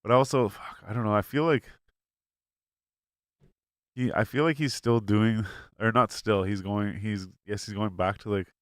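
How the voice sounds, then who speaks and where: Guy cohosting a podcast, low-ish smooth voice, dry close mic, swears a lot, tons of "like". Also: fairly even intonation, measured pace, long pauses, no room sound. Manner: rambling, profane, lots of "like" fillers. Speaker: podcast co-host. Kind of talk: casual chat. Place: home studio.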